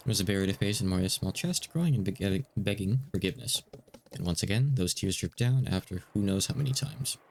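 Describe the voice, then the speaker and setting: Low-voiced man reading a visual novel aloud. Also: animated, normal speed, vocal fry, a little hiss or hum. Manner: casual asides between narration. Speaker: streamer.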